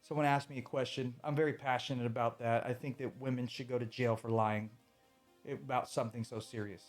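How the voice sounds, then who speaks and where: A man's voice: mid-range voice, steady tone, brisk, faint music behind. A man ranting on a live stream in a casual, emphatic way, swearing often and repeating his points.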